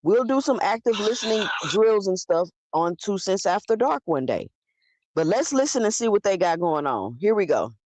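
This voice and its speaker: A woman's voice: medium pitch, sing-song, normal speed, darkish tone, dry recording. A woman hosting a live stream who talks bluntly and argues straight at her chat. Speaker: livestream host. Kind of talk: live commentary talking to chat.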